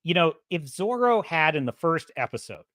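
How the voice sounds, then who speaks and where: On a clean, dry studio recording, a woman speaking in a low voice at normal speed hosts a podcast and goes on a casual, opinionated rant. Sarcastic and animated, she varies her volume from loud to soft, laughs a lot, and does character voices.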